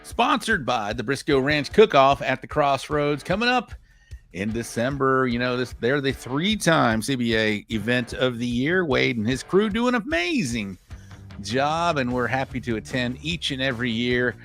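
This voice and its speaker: A man's voice: mid-range voice, big pitch swings, moderate pace, fairly bright tone, faint music behind. A man hosting a live online show, reading out a list of upcoming events in a rambling, self-correcting way. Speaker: podcast host.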